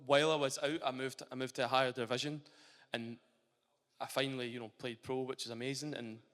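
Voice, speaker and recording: A man's voice: medium pitch, quick pace. A young Scottish man, a retired footballer, chatting animatedly in a casual interview at a live event. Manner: animated and chatty, with frequent restarts. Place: large hall at a live event. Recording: long hall reverb.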